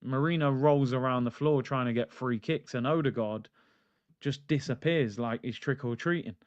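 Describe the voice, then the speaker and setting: Reading chat comments between animated rants, this football channel host speaks in a mid-range voice at a moderate pace. The streaming-mic recording is dry, with the highs cut off.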